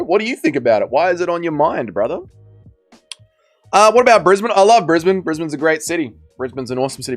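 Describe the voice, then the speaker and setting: An Australian man hosting a livestream in casual chat, wry and self-mocking and quick to protest as he reads out chat messages. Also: on the high side. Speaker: livestream host.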